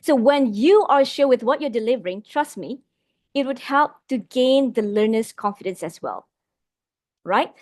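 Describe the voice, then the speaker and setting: A woman's voice: a little high, expressive, dry recording, clean studio sound. A woman trainer with a Malaysian English accent teaching an online class on vocal delivery, calling her audience "my dear friends" and reading out their replies. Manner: varies loudness and slows down for emphasis. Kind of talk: live webinar lesson on vocal delivery.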